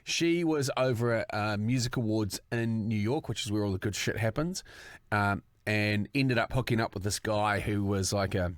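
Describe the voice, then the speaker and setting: Low-voiced sweary New Zealand man. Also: moderate pace, no room sound. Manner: rambling, sweary storyteller. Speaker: podcast co-host. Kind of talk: casual podcast chat.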